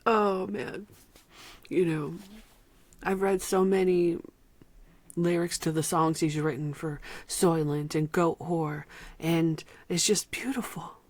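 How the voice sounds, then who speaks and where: A woman reviewing an album, speaking from the heart and close to tears, sometimes dropping to a soft whisper. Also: lowish voice, flat delivery, takes it slowly, pauses often, dry recording. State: emotional, near tears. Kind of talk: emotional personal vlog talk.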